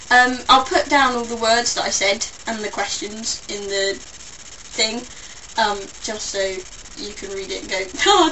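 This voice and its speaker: A woman's voice: mid-range voice, pushed and bright, far from the mic, slight background noise, poor audio. A young English woman with a mixed London and Somerset accent, rambling through a casual vlog with playful, self-mocking asides. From England. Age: young adult. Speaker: vlogger.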